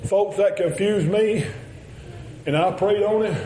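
A man's voice: sits high, measured pace, mellow, faint music behind, poor audio. A man preaching a folksy sermon, telling stories and chuckling often.

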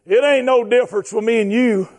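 High-voiced preacher man shouting. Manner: fervent, shouting, drawn-out emphatic phrases. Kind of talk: sermon.

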